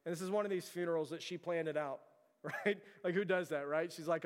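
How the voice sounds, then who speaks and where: A man's voice: fairly high pitch, brisk. A young adult male pastor giving a conversational sermon in a church, asking the congregation questions. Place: church sanctuary. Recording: long hall reverb.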